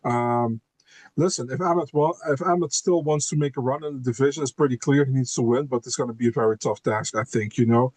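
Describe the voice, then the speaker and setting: A man's voice: mid-range voice, darkish tone, no room sound. Laid-back man chatting on a podcast. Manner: laid-back, repeats words, lots of "you know" and "man". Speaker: podcast guest, MMA co-host. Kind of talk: casual podcast chat.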